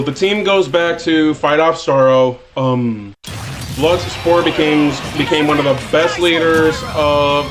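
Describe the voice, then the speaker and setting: A man streaming a video game, talking haltingly with many fillers and shouting out at the game now and then. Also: on the high side. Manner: bursts into excited shouts at the game. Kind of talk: livestream gameplay chat. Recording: game music playing loudly behind. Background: game music.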